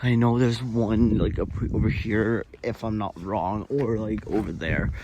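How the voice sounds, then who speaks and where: A frightened man vlogging on location, talking in a hushed, jittery voice and often half-whispering. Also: on the low side, fairly even intonation, unhurried, muffled recording. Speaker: paranormal vlogger. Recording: loud outdoor background noise. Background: loud noise and outdoor ambience.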